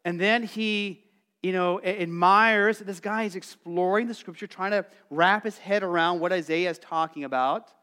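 Middle-aged male pastor, high and animated, chatty sermon delivery. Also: moderate pace, clean tone. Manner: conversational, animated, acts out quotes; calls for congregation responses.

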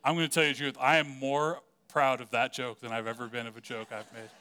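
A man's voice: mid-range voice, flat delivery, fast talker, bright, forceful tone, smooth. A man preaching a casual, conversational sermon, joking often and leaning on "like" as a filler.

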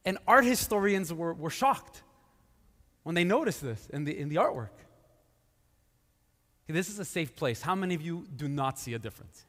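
A man's voice: fairly high pitch, lively intonation, moderate pace, long pauses, fairly bright tone. A male pastor preaching casually and conversationally, with many fillers and restarts. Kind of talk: casual sermon. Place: church sanctuary. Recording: live church hall with long reverb.

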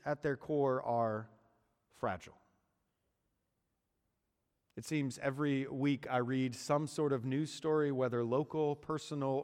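A man preaching a sermon, using dramatic pauses and dropping to hushed endings on key words. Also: on the high side, clear, resonant tone. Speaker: pastor. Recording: long hall reverb.

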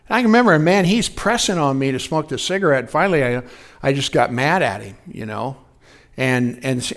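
A man's voice: mid-range voice, fairly quick, fairly bright tone. A man in his sixties preaching a conversational sermon, folksy, telling personal stories and asking the congregation questions. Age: 60s. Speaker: pastor.

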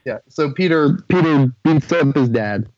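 A man co-hosting a casual podcast chat, recapping a movie in an animated, swearing, filler-heavy way. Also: fairly high pitch, measured pace, muffled recording. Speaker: podcast co-host.

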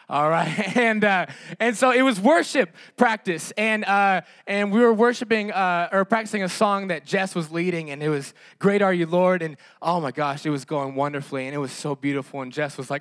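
High-voiced preaching man, dry sound. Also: brisk, fairly bright tone, no room sound. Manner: impassioned, rhetorical repetition with frequent fillers. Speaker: pastor. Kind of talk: sermon.

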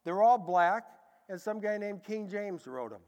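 Male preacher, very high and bright voice, animated storyteller, echoey large hall. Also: a little slow. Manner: animated, acts out dialogue in a lively way. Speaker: preacher giving a testimony. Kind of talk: sermon storytelling.

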